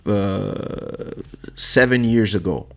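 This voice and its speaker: A man hosting a casual talk show, telling personal stories in an animated way and acting out the voices of the people he quotes, into a studio microphone. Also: fairly low pitch, extremely slow, gravelly, faint music behind. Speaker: podcast host. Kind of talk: casual storytelling chat. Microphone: streaming studio microphone.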